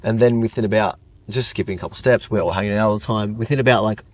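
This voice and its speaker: A fairly low-pitched man talks fast as a guest in a relaxed chat. Young and animated, he rambles through a lengthy personal story, leaning heavily on fillers and the word "like."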